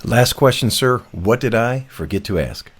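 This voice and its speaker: A man's voice: medium pitch, lively intonation, moderate pace, breathy edge. A man hosting a business interview, formal and polite, addressing his guest as sir. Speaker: interview host.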